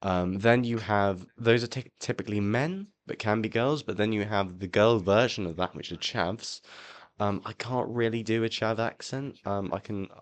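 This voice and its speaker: Rambling young man, lowish voice. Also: normal speed. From England. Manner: rambling, animated, slips into impressions. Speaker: podcast co-host. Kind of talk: casual comedic chat.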